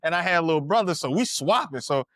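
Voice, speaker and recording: A man's voice: a little high, animated, fast talker, fairly bright tone, dry recording, studio quality. A man in his thirties, a podcast co-host, telling stories in casual chat with slang, laughter and frequent restarts.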